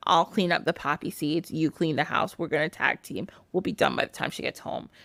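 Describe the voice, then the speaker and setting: A woman voicing a small, calm magic doll in a casual folktale retelling. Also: sits low, a little fast, vocal fry, dry recording, voice pushed down. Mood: reassuring.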